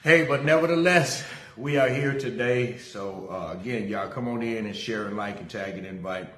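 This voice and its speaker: Speaking at a moderate pace in a somewhat low, slightly bright voice, this middle-aged pastor delivers an energetic, casual livestream sermon in an echoey room. He welcomes viewers by name and shares a personal story.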